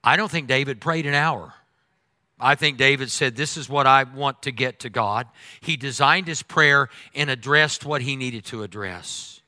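A man preaching a humorous sermon as pastor, animated, swinging between loud exclamations and quiet asides. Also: medium pitch, normal speed, dry recording.

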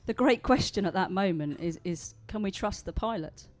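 A woman's voice: medium pitch, animated, normal speed. London woman preaching a sermon. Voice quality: conversational, warm storytelling delivery with filler words. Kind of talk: sermon with read-aloud story.

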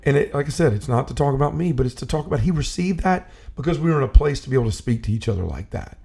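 A man speaks with a gravelly, creaky edge and a dark, mellow tone. He talks earnestly in a relaxed conversation, telling long stories and often stopping to restart his sentences. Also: mid-range voice, rapid-fire. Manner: earnest storyteller, restarts and repeats himself. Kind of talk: casual conversation about faith.

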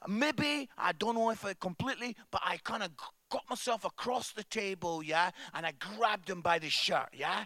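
A man preaching a sermon at a church service, animated, swinging from hushed tones to loud emphasis and often adding "yeah?" at the end of lines. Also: very high-pitched, moderate pace, no echo, clean studio sound.

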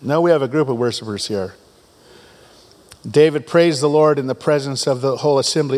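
A man's voice: mid-range voice, fairly quick, a little mellow. A man preaching a sermon to his congregation, reading scripture with rising fervor and tossing in joking asides. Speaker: pastor. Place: church sanctuary.

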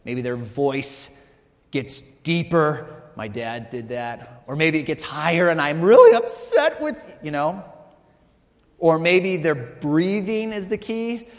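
A man's voice: a little high, slow. Man preaching in a reverberant hall. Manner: conversational storytelling with frequent "right?" asides. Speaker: pastor. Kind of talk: sermon.

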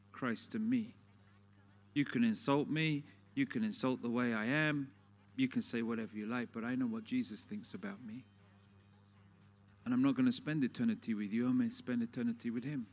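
Preacher with rhetorical questions. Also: male voice, mid-range voice, a little mellow. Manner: conversational storytelling with rhetorical questions. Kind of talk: sermon.

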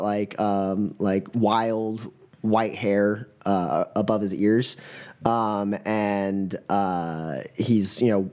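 A man narrating as game master, halting with many fillers. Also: lowish voice, a little mellow.

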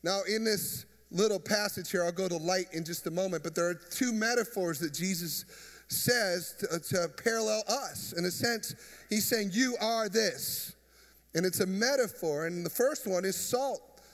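High-voiced pastor in a reverberant hall. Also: male voice, normal speed, a bit bright. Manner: conversational preaching with jokes and crowd questions. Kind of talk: sermon. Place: church.

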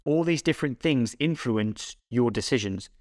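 A male fitness coach talks through ideas on a casual podcast, steady and explanatory. His voice is mid-pitched and ordinary. The sound is dry and close-miked. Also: normal speed, dry recording. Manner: explanatory, steady, asks rhetorical questions.

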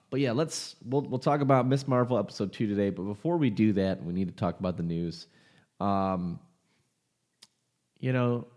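A man's voice: low-pitched, a little mellow. A young man hosting a casual podcast, talking in an opinionated, rambling way. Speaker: podcast host.

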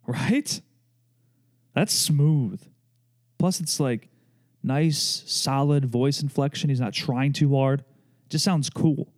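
A man's voice: mid-range voice, takes it slowly, pauses often, darkish tone. A young man hosting a podcast, chatting loosely and joking, with many fillers and tangents. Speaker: podcast host. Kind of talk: casual chat.

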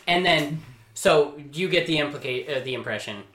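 A man's voice: fairly high pitch, animated, normal speed, a bit bright, a little hiss or hum. A man on a podcast recapping a movie in a rambling casual way, acting out the characters' lines. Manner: rambling storyteller, acts out quotes. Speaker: podcast co-host. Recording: roomy echo.

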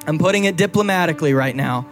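A young male pastor preaches to his church in a relaxed, chatty way, telling personal stories and gently ribbing his wife. His voice sits high for a man. Faint music plays quietly underneath. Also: fast talker. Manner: conversational and playful, teasing his wife. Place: church before a congregation.

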